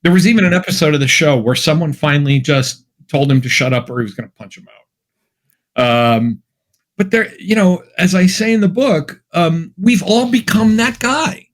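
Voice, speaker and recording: This man's voice sits fairly high and sounds animated at a moderate pace. He's an academic guest from Massachusetts, USA, on a podcast interview, telling anecdotes in a chatty, wry style with lots of fillers and restarts.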